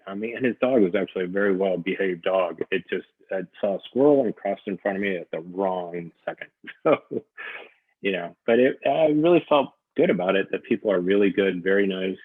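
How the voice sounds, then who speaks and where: Husky man on a tinny call. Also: deep voice, brisk, no room sound. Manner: agreeable, reflective replies. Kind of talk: casual discussion. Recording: tinny phone-like call audio.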